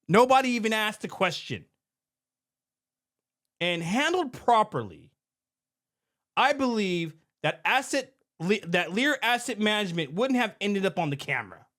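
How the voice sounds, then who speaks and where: A middle-aged man who owns a security company, talking through an incident in a casual, conversational podcast manner. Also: high voice. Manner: animated, conversational, repeats himself. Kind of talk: commentary podcast.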